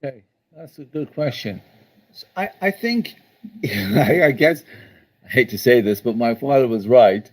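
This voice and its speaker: A man's voice: mid-range voice, expressive, a little slow, rough recording. An older man as an interview guest at his daughter's house, telling stories emphatically and checking in with "okay?" and "all right?". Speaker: guest entrepreneur. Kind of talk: storytelling interview answer.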